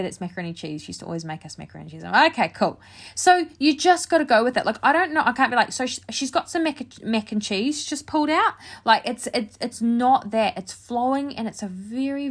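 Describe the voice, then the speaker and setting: A woman who works as a psychic medium, chatting casually to her viewers and talking in a steady flow with hardly any pauses. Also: medium pitch. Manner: chatty, talks in a continuous flow without pauses.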